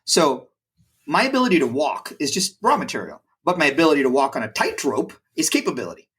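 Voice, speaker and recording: Husky-voiced man telling a story. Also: fairly high pitch, fast talker. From India. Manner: animated, frequent "like" fillers and restarts. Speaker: podcast guest, brokerage president. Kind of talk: conversational storytelling.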